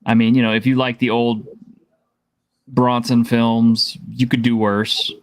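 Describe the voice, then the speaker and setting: A man chatting as a guest on a casual stream, easygoing and relaxed. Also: mid-range voice, unhurried. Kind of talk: casual chat.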